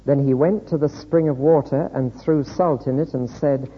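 A man preaching a sermon, reading scripture aloud in a measured, deliberate way. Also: medium pitch, steady tone, slight background noise. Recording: echoey hall, dull lo-fi sound.

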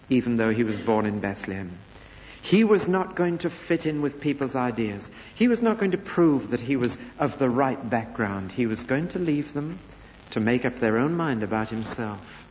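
A man's voice: mid-range voice, a little hiss or hum. Male preacher in an echoey hall. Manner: emphatic, rhetorical questions, dramatic rises and drops. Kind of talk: expository sermon. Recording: echoey hall, dull lo-fi sound.

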